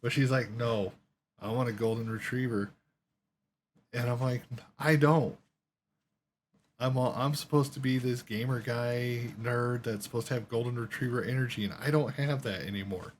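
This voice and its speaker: A man's voice: mid-range voice, steady tone, moderate pace, slight background noise. A man telling a long story while playing a game, rambling along with lots of swearing and quoted voices. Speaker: gaming streamer.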